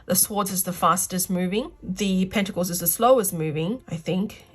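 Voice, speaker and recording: A woman's voice: fairly low pitch, moderate pace, slightly rough. A woman giving a pick-a-card tarot reading, gushing and effusive, tearful with emotion as she talks to her viewers. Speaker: tarot reader.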